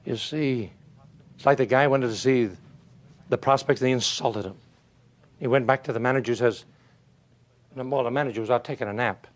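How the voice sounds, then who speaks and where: An older man giving a motivational talk, telling folksy stories and asking rhetorical questions, swinging from loud to hushed. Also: medium pitch, normal speed, pauses often. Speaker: motivational speaker. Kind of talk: motivational speech.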